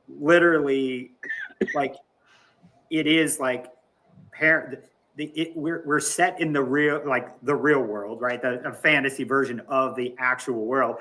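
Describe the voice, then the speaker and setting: Bright-voiced man rambling about his worries. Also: mid-range voice. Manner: self-conscious, rambling, restarts often. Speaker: player. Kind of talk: casual chat in a tabletop game.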